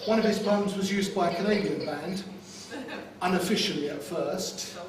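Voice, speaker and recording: A man's voice: high-pitched, moderate pace, a crowd in the background. A man from London giving a wedding speech to the guests, delivering wry jokes and punchlines. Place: wedding reception hall. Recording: distant mic in echoey room with loud ambience.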